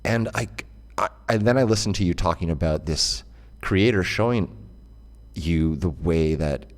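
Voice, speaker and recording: A man hosting an interview, asking a long halting question with stammers and fillers. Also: sits low. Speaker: host.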